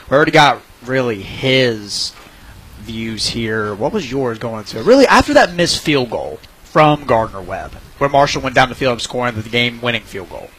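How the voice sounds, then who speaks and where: A man hosting a postgame football show, relaxed and agreeable, handing off to his reporters. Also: medium pitch, moderate pace, breathy edge. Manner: relaxed, agreeable, echoes co-hosts. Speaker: show host. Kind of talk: postgame sports talk.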